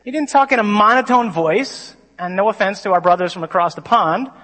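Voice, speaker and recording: A man, a priest giving a humorous conference sermon with lively storytelling and mock-dramatic asides. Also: high-pitched, a little fast. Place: large conference hall. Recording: long reverb of a conference hall.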